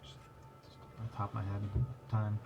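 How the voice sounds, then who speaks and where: A man's voice: on the low side, monotone, moderate pace, gravelly, lo-fi sound, background noise. A man playing a tabletop game, talking casually and restarting his sentences as he describes his character's actions. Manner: rambling, restarts often. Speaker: player.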